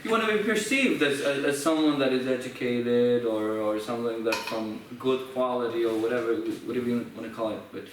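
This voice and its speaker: Israeli man, echoey distant recording. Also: mid-range voice. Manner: reflective, halting with many restarts. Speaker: musician sharing his story. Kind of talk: casual conversation. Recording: echoey room, from far off, faint noise.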